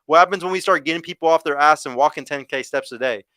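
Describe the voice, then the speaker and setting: A man's voice: on the high side, fast talker, pushed and bright, dry recording. A young man, hosting a podcast livestream and ranting heatedly, stumbling over and repeating his words. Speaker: podcast host.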